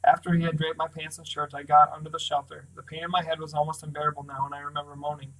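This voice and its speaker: A man reading a novel aloud in first person, with even, steady narration. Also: a little high, quick pace, rough recording. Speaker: audiobook reader.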